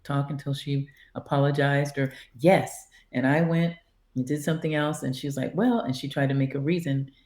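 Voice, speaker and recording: A woman's voice: deep voice, normal speed. A woman guest on a podcast, casually telling a story and acting out the dialogue. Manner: animated, acts out quoted dialogue. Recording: roomy echo.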